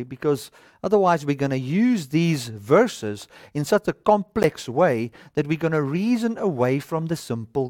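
A man's voice: medium pitch, a little mellow, dry recording. A man preaching a sermon from a studio stage, reading scripture aloud and reasoning through it with rhetorical questions.

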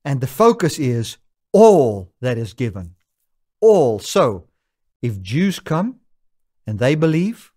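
A man's voice: a little high, darkish tone. A man preaching a sermon, quoting scripture with emphatic rises and falls. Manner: emphatic, rising and falling with scripture quotes.

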